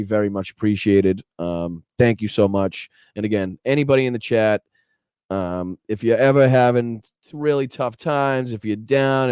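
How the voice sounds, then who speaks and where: A man's voice: lowish voice, darkish tone, clean tone, dry recording. Man, podcast host, casual stream talk, sarcastic, swearing, dry close sound. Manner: swears freely, sarcastic, talks to chat. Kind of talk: casual livestream commentary.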